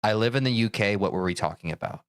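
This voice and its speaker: A man's voice: lowish voice, fast, smooth, dry recording, clean studio sound. A man chatting casually on a live stream, reacting to chat in a jokey, self-deprecating way.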